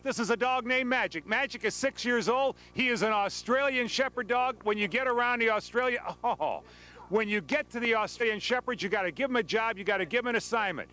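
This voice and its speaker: A man anchoring a live TV sports segment outdoors, lively and joking with his guests. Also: very high voice, brisk.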